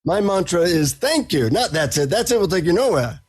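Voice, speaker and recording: A man doing a grave Indian guru who hands out wisdom slowly and patiently. The voice is husky, with an Indian accent, and each word is weighed. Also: sits high, very animated, pitched above the performer's own voice, heavily acted. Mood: instructive. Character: solemn male Indian guru, patient and wise.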